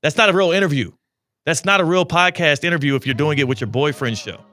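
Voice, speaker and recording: A man's voice: fairly high pitch, fast, bright, forceful tone. A man hosting a sports radio show, chatting and bantering casually with his co-hosts in a studio.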